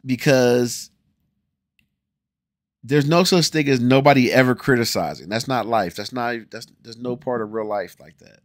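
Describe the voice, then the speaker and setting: Reacting to a music video for a casual video he hosts, a 40-year-old man from Ohio with an American accent shifts between loud exclamations and muttered side comments. He uses a mid-range voice at a moderate pace, heard in clean studio sound with no room sound.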